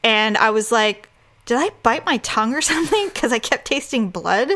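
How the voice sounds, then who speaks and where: A woman's voice: fairly high pitch, animated, moderate pace, fairly bright tone. A woman telling a story in a casual podcast chat. She acts out the other people's lines and laughs often.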